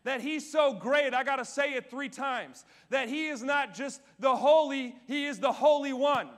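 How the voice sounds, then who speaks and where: A male pastor preaching a sermon on stage, full of energy, asking the audience questions and swinging from loud declarations to quiet asides. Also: very high voice, moderate pace. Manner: asks the audience questions and answers them. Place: church stage.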